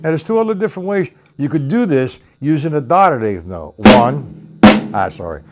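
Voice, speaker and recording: A man's voice: a little high, sing-song, a little fast, over loud music. Blunt, rambling male drum teacher. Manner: blunt, rambling explanations between counted demonstrations. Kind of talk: live-streamed drum lesson. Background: drums played between talk.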